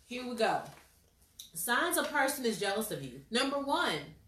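A woman, hosting a casual chat, laughing often and telling stories with lively impressions of people. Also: moderate pace. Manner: animated, laughs often, mimics people in high voices. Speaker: host. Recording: roomy, a bit far from mic.

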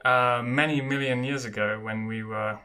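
A man's voice: mid-range voice, fairly even intonation, normal speed, sharp tone, clear, resonant tone. A man co-hosting a podcast in casual chat, chatty and hesitant with many fillers. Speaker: podcast co-host.

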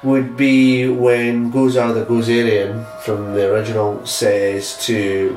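A man's voice: medium pitch, measured pace, hardly any pauses, faint music behind. A man hosting a podcast who rambles through casual chat, laughs often and swears without a second thought. He sits back from the mic in an echoey room, so his voice sounds roomy and a little distant. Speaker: podcast host.

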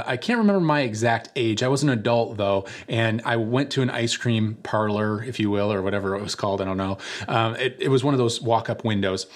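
A man, a church pastor, giving a sermon in a relaxed storytelling way, sometimes acting out the people in his story. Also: on the low side. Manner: conversational storytelling with animated voices for quoted characters.

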